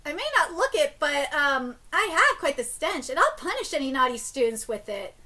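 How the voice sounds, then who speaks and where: A woman's voice: high voice, big pitch swings, moderate pace, pushed and bright, full character voice. A woman reading a smug smelly teacher. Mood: boastful. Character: odd female teacher boasting a punishing stench.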